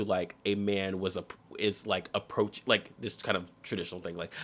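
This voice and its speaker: Animated bright-voiced man host. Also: fairly low pitch. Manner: sassy, animated, mock-exasperated asides. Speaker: podcast host. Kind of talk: casual commentary reading online posts.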